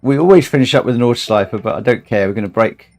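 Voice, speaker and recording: A man's voice: medium pitch, fast, a little mellow. A tired man hosting a long charity gaming livestream, chatting casually, rambling and repeating himself as he gets emotional. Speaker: livestream host.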